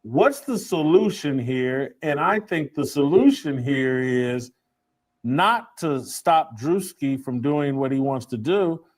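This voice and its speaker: A man's voice: mid-range voice, animated, takes it slowly. A man giving opinionated commentary and firing off rhetorical questions.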